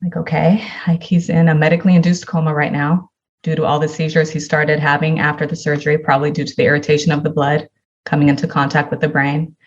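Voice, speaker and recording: Woman guest on a podcast, low voice, earnest storytelling, slightly muffled sound. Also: level tone, fast. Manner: earnest, acts out dialogue from her story. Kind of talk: personal storytelling.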